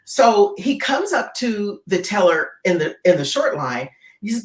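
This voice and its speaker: Woman guest speaker telling a wild story, super expressive pitch, says "right?" a lot, echoey room. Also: normal speed. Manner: animated, keeps checking in with "right?". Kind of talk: dramatic storytelling in an interview. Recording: roomy echo.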